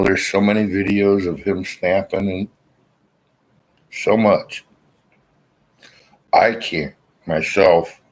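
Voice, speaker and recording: A man's voice: low-pitched, rough recording. A man rambling in a casual monologue to his viewers, suspicious in tone and swearing freely, with hiccups breaking in now and then. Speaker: vlogger.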